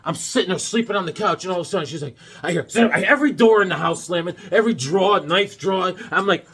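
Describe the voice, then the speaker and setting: A man's voice: sits high, quick pace, a bit bright, breathy edge. A middle-aged man chatting casually to camera about comic books, jokey and wisecracking. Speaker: comic book vlogger. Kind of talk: casual rambling chat to camera.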